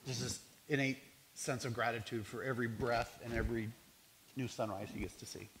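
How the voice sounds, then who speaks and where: A man's voice: medium pitch, steady tone, a little fast, fairly bright tone, slight background noise. An earnest man recounting stories from his outreach work, reflective and sincere as he talks. His voice sits in an ordinary middle range, and he sometimes stops and restarts a phrase. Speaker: homeless outreach worker. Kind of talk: storytelling talk.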